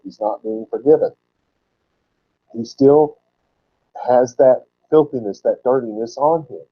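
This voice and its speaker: Male Bible teacher, mid pitch, sermon-style word-study delivery, slow repeats for emphasis, lo-fi recording. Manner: explains word roots, repeating words slowly for emphasis. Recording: dull lo-fi recording.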